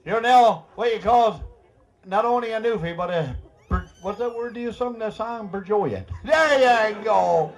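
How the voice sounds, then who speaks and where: Folksy high-voiced Newfoundland man. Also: unhurried. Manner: teasing, folksy, laughing often. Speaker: master of ceremonies at a screech-in. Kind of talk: jovial ceremony banter.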